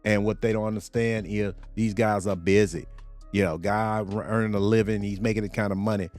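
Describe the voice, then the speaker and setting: A man's voice: fairly low pitch, fairly even intonation, brisk, darkish tone, soft background music. A male host giving rambling reaction commentary on a video clip, padding his talk with "you know" and "or whatnot".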